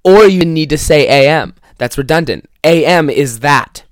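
With a slightly high voice at a moderate pace, this young podcast host rants casually for laughs, cursing heavily and mimicking people he quotes to mock them. The sound is dry and clean, studio quality.

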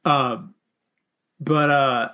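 A man's voice: mid-range voice, fairly even intonation, extremely slow, pushed and bright. A man from the Southern United States co-hosting a casual chat, with wry stammering repeats.

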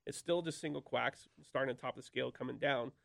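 A man speaking as an expert guest, explaining things in a quick, folksy, casual way. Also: medium pitch, gravelly, fairly bright tone, no echo. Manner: quick, folksy explainer who demonstrates calls aloud. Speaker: duck-call expert guest. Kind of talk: casual podcast conversation.

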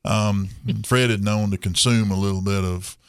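A man's voice: lowish voice, steady tone, normal speed, clean tone, dry recording. A man, hosting a radio talk show and telling a rambling, folksy story with chuckles.

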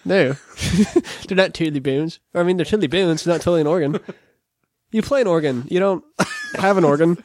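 A man's voice: a little high, fairly quick, darkish tone, dry recording. A man co-hosting a casual podcast chat, joking around and laughing a lot. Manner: joking, puts on silly accents, laughs often. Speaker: podcast co-host.

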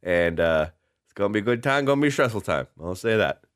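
Animated young man on a podcast. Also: on the low side, fast talker, smooth. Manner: animated, laughing, exclaims in bursts. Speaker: podcast co-host. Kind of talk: casual chat.

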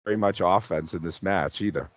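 A man with a plain, mid-pitched voice chatting casually in a wry, easygoing way and laughing easily. The recording is dry and close, with slightly muffled, lo-fi audio. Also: a little fast, no room sound. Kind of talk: casual chat about wrestling.

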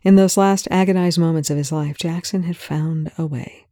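A reader narrating a fan fiction chapter in a measured way, sometimes dropping to a whisper. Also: medium pitch, fairly even intonation, warm tone, dry recording. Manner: measured, drops to whispers at tense moments. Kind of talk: audiobook narration. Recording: dry close recording.

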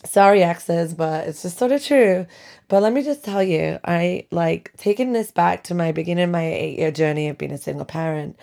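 Wry gravelly-voiced woman podcasting at home. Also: low-pitched, warm tone. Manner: chatty and wry, laughing often, venting. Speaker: podcast host. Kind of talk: casual solo podcast chat. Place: bedroom at home.

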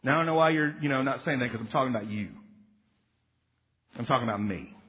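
A man preaching a sermon in an animated, joking, emphatic way, now and then acting out little voices. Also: medium pitch, fast talker, slightly rough. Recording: reverberant hall, dull lo-fi sound.

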